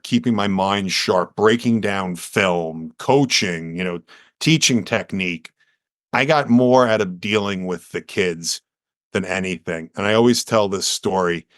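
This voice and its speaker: A man's voice: lowish voice, measured pace, no room sound, studio quality. A man, telling his story earnestly as a podcast guest and acting out quotes with energy. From United States. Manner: earnest, animated storyteller who acts out quotes.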